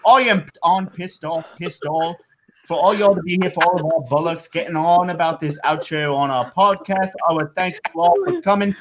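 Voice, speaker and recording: A man putting on a loud, bumbling British podcast host, rambling through a clumsy mock-British sign-off. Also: extremely high pitch, wildly swooping pitch, quick pace, few pauses, noisy background, pitched above the performer's own voice, heavily acted.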